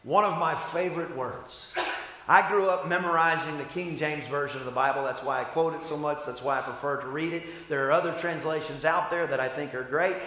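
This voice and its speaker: A man preaching a sermon as pastor, leading call-and-response and swinging from shouted peaks to quiet asides. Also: on the high side, fairly even intonation, fairly quick. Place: church sanctuary. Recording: echoey church hall.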